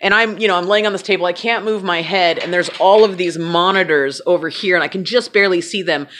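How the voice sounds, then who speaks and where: A woman's voice: fairly low pitch, fast, fairly bright tone, a little hiss or hum. A woman telling a personal story in a casual, candid way, swearing freely and joking at her own expense. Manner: candid, swears freely, self-mocking humor. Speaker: vlogger.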